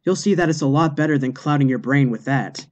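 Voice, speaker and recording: A man's voice: a little high, darkish tone, close to an everyday voice. A man doing a prim, preachy bunny rabbit. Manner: slow and preachy.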